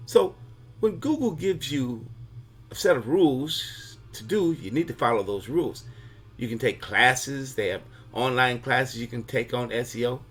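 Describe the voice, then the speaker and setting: A man's voice: mid-range voice, animated, measured pace, husky. Male host giving a casual comic explainer, chatty and fond of analogies. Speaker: video host.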